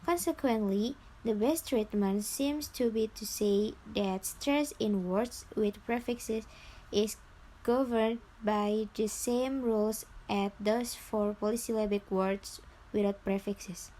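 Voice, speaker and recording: A woman's voice: medium pitch, takes it slowly, warm tone, rough recording. A young woman presenting in class, reading her notes aloud in short, broken phrases. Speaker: student presenter.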